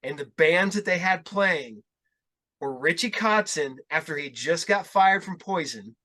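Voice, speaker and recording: A middle-aged man hosting a podcast, telling rambling, animated stories in casual chat and laughing along. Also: a little high, a little slow. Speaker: podcast host.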